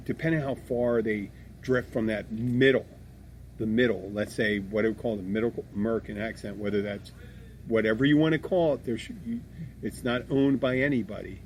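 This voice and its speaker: Blunt Philadelphia-born podcast host, swears easily, rambles with restarts, mid-pitched voice, faint background noise. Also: male voice. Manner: blunt, swears freely, self-described abrasive. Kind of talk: casual podcast chat.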